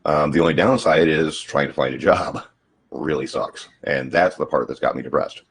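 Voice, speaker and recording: Man, very deep voice, husky, slight stutter, halting restarts, casual call chat. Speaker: guest.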